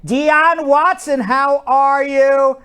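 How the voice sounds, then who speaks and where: A man's voice: very high voice, fairly even intonation, very slow, pushed and bright. A man in his fifties hosting a live studio stream, chatting and teasing his co-hosts in a playful way. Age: 50s. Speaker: host. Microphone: wired studio mic.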